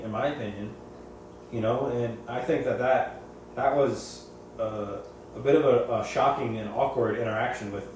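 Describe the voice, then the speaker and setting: A man's voice: mid-range voice, darkish tone. Man talking in an echoey room, far off. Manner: rambling, repeats and restarts phrases. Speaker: reef aquarium hobbyist. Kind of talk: casual opinionated storytelling. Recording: very echoey room, far from mic, faint noise.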